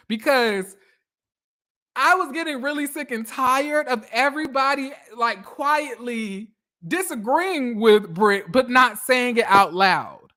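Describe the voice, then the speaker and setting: A woman with a slightly high voice talks through a reality TV episode in a loose, casual recap. She is blunt and animated and swears freely as she gives her opinions. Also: slow. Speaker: reality TV commentator.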